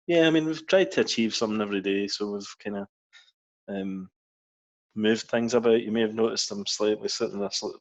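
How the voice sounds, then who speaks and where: A man co-hosting a podcast, relaxed and hesitant, with plenty of ums. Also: fairly low pitch, brisk. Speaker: podcast co-host. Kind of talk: casual chat.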